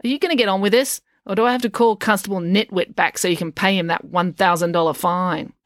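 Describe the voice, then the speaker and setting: A woman's voice: mid-range voice, fairly even intonation, fast talker, no echo, clean studio sound, pitched above the performer's own voice, close to an everyday voice. A woman voicing a grumpy, bossy old woman on crutches who snaps and scolds. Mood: scolding. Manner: snappish, scolding.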